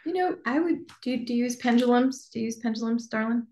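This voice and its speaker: A woman business coach teaching a workshop in a chatty, animated way with lots of fillers. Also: fairly high pitch, quick pace. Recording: echoey room.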